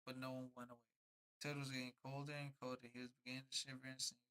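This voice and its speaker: Young dude streaming a kids book reading, chill and slangy, mid pitch voice. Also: male voice, completely flat delivery, fast, sharp tone, rough recording. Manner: laid-back, slangy asides between narration. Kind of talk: casual livestream storybook reading.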